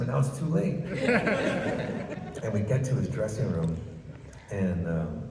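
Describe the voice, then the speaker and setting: An older guest comedian tells stories on stage at a book festival, chatty and amused with himself, in a medium-pitched, animated voice at normal speed with long pauses. The large ballroom sounds echoey and noisy, and he's far from the mic.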